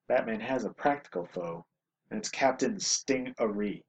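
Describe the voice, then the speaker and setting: A man's voice: fairly low pitch, expressive, a little slow, poor audio. A man hosting a podcast, giving casual, rambling commentary with self-deprecating asides. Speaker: podcast host reviewing comics.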